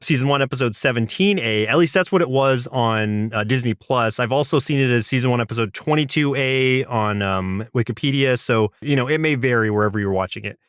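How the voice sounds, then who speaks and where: Male podcast co-host, mid-pitched and thoughtful, recapping cartoon episodes, dry close mic. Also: fairly quick, hardly any pauses, a bit bright, smooth, no room sound. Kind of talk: casual chat about cartoons.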